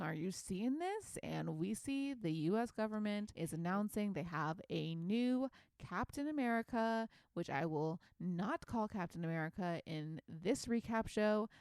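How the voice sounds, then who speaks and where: A woman's voice: medium pitch, darkish tone, smooth, no room sound, studio quality. A young woman hosting a casual TV recap vlog, chatty and playful, with sudden squeals of delight. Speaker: YouTube recap host.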